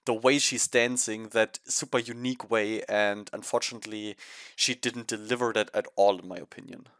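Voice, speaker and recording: A man's voice: on the low side, steady tone, moderate pace, a bit bright, dry recording. A man with a German accent co-hosting a podcast, bluntly giving his opinions on performances in casual chat. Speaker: podcast co-host.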